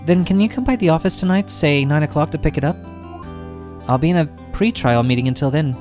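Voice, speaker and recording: A man voicing a calm, capable older sister who is a lawyer, raising his voice into a gentle, composed put-on tone. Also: a little high, brisk, soft background music, pitched above the performer's own voice, lightly acted. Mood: businesslike.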